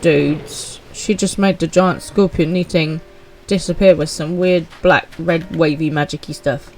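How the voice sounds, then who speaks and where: A woman's voice: low-pitched, fairly even intonation, a little slow, a little mellow. A woman, chatting upbeat with viewers while streaming a game live.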